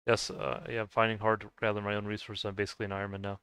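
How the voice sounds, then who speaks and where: A man's voice: fairly low pitch, completely flat delivery, very fast, fairly bright tone, clear, resonant tone, dry recording. A man chatting casually while he plays a game, hesitant, with many filler sounds and restarts. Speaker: gaming video host.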